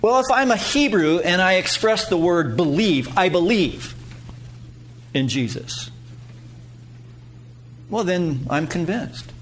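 An emphatic man preaches a sermon to his congregation, his voice sitting a little high for a man. He swings between loud, climbing peaks and quiet, low asides. Faint noise hangs under his voice. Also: lively intonation, slow, pauses often. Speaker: pastor.

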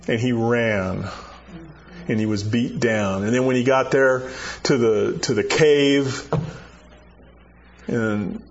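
A man preaching a sermon in a conversational, animated way, acting out Bible dialogue as he goes. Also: medium pitch, slow, pauses often, muffled recording, slight background noise.

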